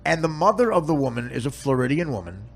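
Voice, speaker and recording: Gravelly-voiced man telling comic stories. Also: a little high, very animated, fast talker. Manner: laughs through his stories, casual and crude. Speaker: podcast host. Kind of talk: comic storytelling.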